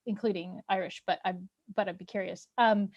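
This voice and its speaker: A woman hosting an interview, a former language teacher, talking in a rambling way with halting restarts. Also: mid-range voice, fairly even intonation, muffled recording. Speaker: host, former Spanish teacher. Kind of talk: casual interview chat.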